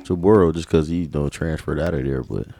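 A young man co-hosting a podcast, bantering casually about football with relaxed slang. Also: rumbling low, a little fast, gravelly. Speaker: podcast co-host. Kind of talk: casual sports chat.

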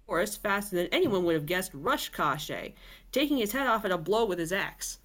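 A woman's voice: mid-range voice, very animated, normal speed, fairly bright tone. A woman podcast host reading a novel aloud, with chatty asides and filler words. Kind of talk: casual storybook reading.

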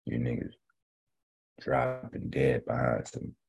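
A man hosting a health show, lecturing bluntly and profanely in a casual rant, slowing down to explain points step by step. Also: extremely low pitch, very animated, gravelly, darkish tone, husky. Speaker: host of a natural health show. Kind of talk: ranting casual commentary.

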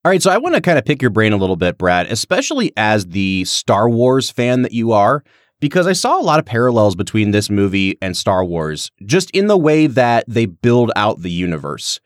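A man co-hosting a podcast, chatting casually about a film in long, animated run-on thoughts. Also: lowish voice, normal speed, no echo, clean studio sound. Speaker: podcast co-host.

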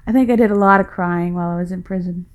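Speaking quickly in a low, steady voice, a middle-aged woman runs through a casual personal monologue on her podcast. She's folksy and rambling, talks passionately, laughs now and then, and is slightly short of breath.

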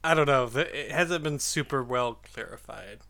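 A man with a bright, forward voice at a middle pitch, chatting casually as a podcast co-host. He is easygoing and jokes a lot, often laughing. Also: moderate pace, vocal fry. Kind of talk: casual chat.

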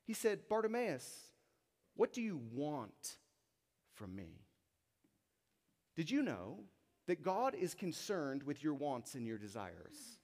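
A young male pastor preaching with a fairly high voice and wide, lively swings of pitch. He acts out the voices in the story, then drops to soft, intense tones. The sound hangs in a big reverberant church hall. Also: slow pace, pauses often. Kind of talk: sermon.

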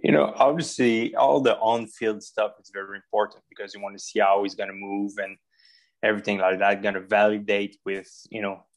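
A man's voice: fairly low pitch, steady tone, fairly quick. Easygoing man with a French accent. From Ottawa, Canada. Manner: easygoing, many fillers and restarts. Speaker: pro football executive, guest. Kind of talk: casual interview talk.

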